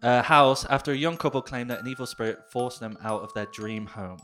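A man's voice: medium pitch, a little fast, fairly bright tone, soft background music. A man co-hosting a casual chat, reading a news story aloud with jokey, sweary asides and frequent laughs. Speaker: podcast co-host.

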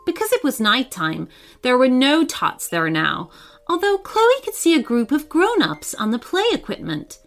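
A woman narrating a children's story in a scripted, expressive way with dramatic pauses. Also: high-pitched, faint music behind.

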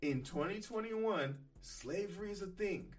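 Blunt, profane podcast host ranting. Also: male voice, sits high, animated, measured pace, soft background music. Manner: blunt, profane, riffing with loud emphatic bursts. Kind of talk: casual opinion commentary.

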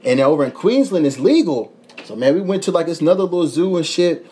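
A young man tells a travel story on his podcast, animated and swearing freely. His voice sits a little high and sounds husky. He laughs often in a loose, casual way. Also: quick pace. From United States. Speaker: podcast host.

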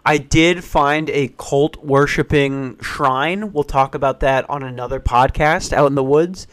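Young dude ranting on his podcast, swears a lot, cracks himself up, kinda high voice. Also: a little slow, fairly bright tone. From western Pennsylvania. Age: 20s. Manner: profane, rambling, laughing at himself. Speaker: podcast host. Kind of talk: casual podcast rant. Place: small back office.

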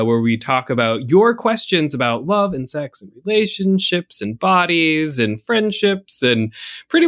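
Guy cohosting a chill podcast, kinda high voice, bounces all over, rambly. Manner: animated, rambling, repeats words. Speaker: podcast co-host. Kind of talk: casual chat.

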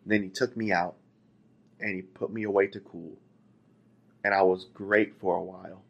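A man's voice: deep voice, fairly even intonation, normal speed, gravelly, lo-fi sound. A man voicing a talking antique teacup that recounts, in the first person, being shaped by a potter, in a plain preaching voice. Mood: recounting. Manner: pleading storytelling in first person. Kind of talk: sermon illustration.

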